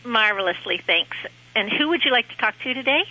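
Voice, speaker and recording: A woman working as an animal communicator, gently reassuring a caller on the radio. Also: fairly high pitch, expressive, fairly quick. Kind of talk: calm consoling phone reading. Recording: dull lo-fi radio line.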